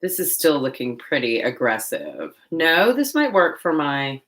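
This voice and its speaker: A woman hosting a casual livestream while painting, chatting loosely and joking at herself in quick asides. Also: extremely low pitch, sing-song, fairly bright tone. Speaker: livestream host. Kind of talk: casual live-stream chat while painting.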